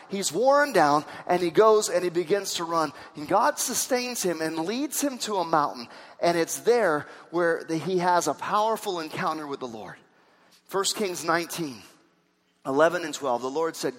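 A man preaching a sermon, swinging from hushed tones to shouts. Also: on the high side, lively intonation, normal speed. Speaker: pastor. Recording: long reverb of a hall.

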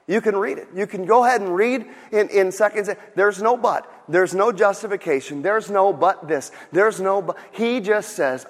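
Pastor guy preaching, high voice, goes quiet then shouts, big hall echo. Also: moderate pace, hardly any pauses. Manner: animated preaching, repeats words, drops soft for storytelling, rises to shouts. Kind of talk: sermon.

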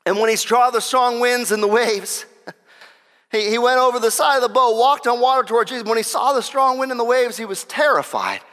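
High, bright-voiced man preaching in a hall. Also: a little fast. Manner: animated, stammering restarts, acts out quotes. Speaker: pastor. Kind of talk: sermon. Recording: long reverb of a large hall.

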